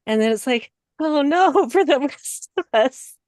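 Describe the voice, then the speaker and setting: A woman guest on a podcast, talking emotionally and laughing often, her voice climbing high when excited. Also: moderate pace, no echo. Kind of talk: casual podcast discussion.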